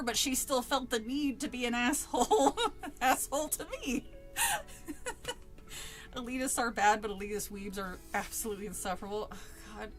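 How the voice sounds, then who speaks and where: Streamer lady rambling through an old story, kinda high voice, swears a lot, laughs a ton, a bit of music in the back. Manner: profane, laughs often while telling. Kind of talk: casual storytelling chat.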